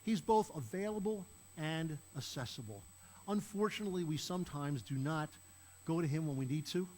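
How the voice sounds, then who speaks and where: A man's voice: on the high side, expressive, normal speed, darkish tone, poor audio. An older man preaching a sermon as pastor, talking to the congregation in a conversational way, asking them questions and acting out quoted lines. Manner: conversational, asks the listeners questions; acts out quoted lines in a raised voice.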